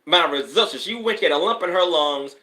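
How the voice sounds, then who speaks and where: A man hosting a live stream as a spiritual advisor, with a bright, forceful voice pitched a bit high. He rambles casually, then surges into emphatic, preacher-like bursts, and the sound rings in an echoey room. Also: animated, fairly quick.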